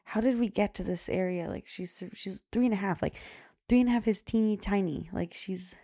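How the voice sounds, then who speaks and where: A woman's voice: medium pitch, moderate pace, mellow, no echo, clean studio sound. A young woman podcast host telling a story in a casual, chatty way, filling her speech with "like" and laughing often.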